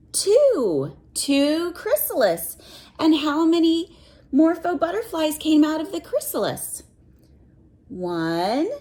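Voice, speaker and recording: A woman reading a picture book aloud to children, stopping to ask questions and count along with them. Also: high voice. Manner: animated, asks the listener questions and counts along.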